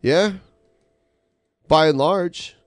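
A man's voice: fairly high pitch, drawn-out words, dry recording. A man co-hosting a podcast, chatting loosely and telling anecdotes. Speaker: podcast co-host. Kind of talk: casual chat.

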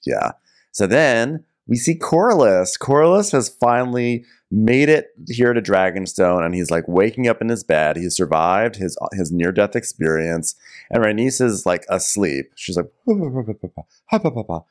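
Low-voiced man riffing playfully. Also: animated, a little slow. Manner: playful, giggly, riffs with silly asides. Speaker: podcast co-host. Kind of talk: comedic TV recap chat.

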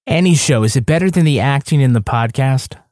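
A man co-hosting a podcast, chatting casually with sarcastic, deadpan jokes. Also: mid-range voice, fairly quick, no echo, studio quality. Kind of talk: casual chat.

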